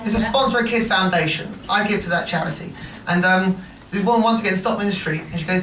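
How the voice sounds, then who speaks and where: A man's voice: high voice, fast. A young man, doing a stand-up set in a comedy club in a brash, swearing, self-mocking way. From Essex, England. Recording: echoey club from far off, loud crowd and noise.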